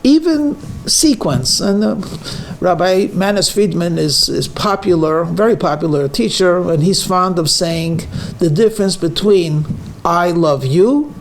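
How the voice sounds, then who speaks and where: A man with a high voice gives a rabbi's weekly lecture, mixing a joke into his teaching. He leans hard on certain words and drifts through fillers and restarts as he tells the story. A faint hiss of noise sits under the recording. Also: unhurried. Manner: storytelling, stresses words for emphasis, frequent fillers. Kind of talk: sermon with jokes and teaching.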